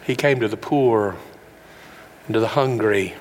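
A man's voice: unhurried, slight background noise. Earnest preacher man in a reverberant hall. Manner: folksy, earnest preaching that swells to loud high peaks. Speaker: pastor. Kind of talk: sermon. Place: large room with an audience.

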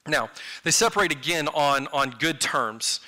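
A man's voice: fairly high pitch, unhurried, pushed and bright. A man preaching a sermon in a conversational way, turning to the listeners with casual asides.

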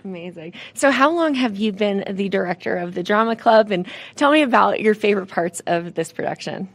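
A woman's voice: mid-range voice, expressive, a little fast. Bubbly woman morning TV host. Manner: bubbly, laughs a lot. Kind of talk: TV morning show hosting.

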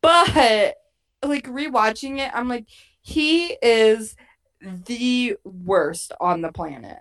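A woman in casual podcast chat recapping a TV show, animated and swearing freely, acting out quotes from the characters. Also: on the high side, slow pace. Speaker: podcast co-host.

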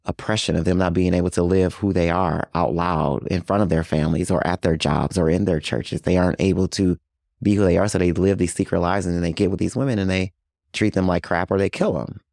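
A man's voice: low voice, steady tone, brisk, gravelly, a little mellow, no echo, clean studio sound. A man being interviewed as a community outreach worker, speaking earnestly in casual talk with many "you know" fillers. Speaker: guest, HIV outreach worker.

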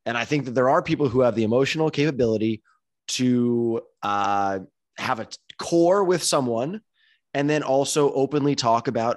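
A man co-hosting a casual podcast, thoughtful and measured as he talks. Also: medium pitch, dry recording. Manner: thoughtful, measured, self-correcting. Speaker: podcast co-host. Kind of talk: casual chat.

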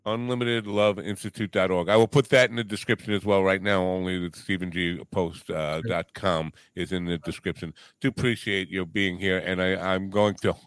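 A man hosting an interview show, speaking in a halting way and wrapping up with his guest. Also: low-pitched, steady tone, smooth, no echo. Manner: halting, with many fillers and restarts. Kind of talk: casual interview talk.

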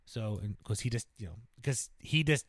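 A man in casual chat, relaxed and explaining a story. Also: medium pitch, normal speed, no echo, clean studio sound.

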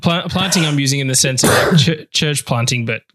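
A man's voice: mid-range voice, fairly bright tone. A man with an Australian accent, joking around as a guest in a casual podcast chat. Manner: joking, quick banter.

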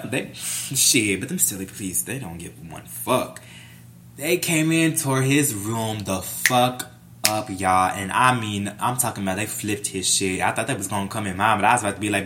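A young adult man vlogging a casual storytime, animated and profane, playing up every scene. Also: lowish voice, moderate pace, a little hiss or hum.

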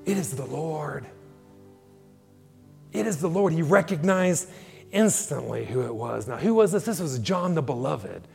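A man's voice: fairly high pitch, lively intonation, unhurried, gravelly, long pauses, a little mellow. A male pastor preaching a sermon, dramatically acting out scripture dialogue. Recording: long hall reverb with faint music.

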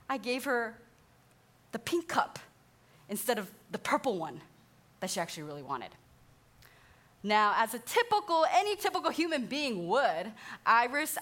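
A woman in her thirties giving a sermon-style teaching talk as a counselor, animated and acting out the voices she quotes, often laughing. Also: fairly high pitch. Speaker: speaker, counselor.

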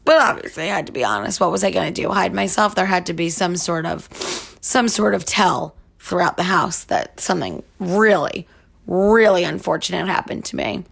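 A woman's voice: fairly low pitch, normal speed, creaky, a bit bright, husky. A young woman hosting a podcast, telling a candid story in a chatty way full of likes and you-knows. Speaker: podcast host. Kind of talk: casual storytelling monologue.

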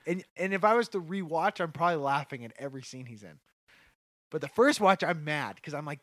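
Man, casual movie chat, animated, laughs a lot, slightly high voice, dry sound. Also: fairly quick, no room sound.

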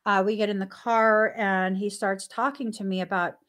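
A woman, a stay-at-home mom, telling anecdotes in casual talk, animated and laughing often, acting out the dialogue she quotes. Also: normal speed. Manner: acts out dialogue with sudden pitch jumps.

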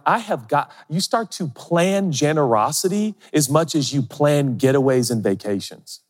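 A man's voice: fairly high pitch, in a large hall. A middle-aged male pastor preaching a sermon, funny and self-deprecating, often acting out other people's voices. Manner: animated, humorous, acts out quoted voices.

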